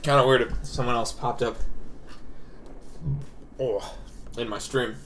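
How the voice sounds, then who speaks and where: A man's voice: medium pitch, fairly even intonation, a little slow, fairly bright tone, a little hiss or hum. A young man casually commenting on a game during a live stream, swearing freely and chuckling to himself. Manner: loose, swearing, chuckling asides.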